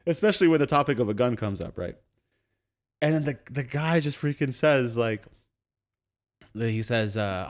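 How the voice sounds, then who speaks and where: Young guy on a podcast telling a wild story, laughs a lot, mid-pitched, lots of "like" and "right". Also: normal speed. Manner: animated anecdote with frequent laughs and fillers.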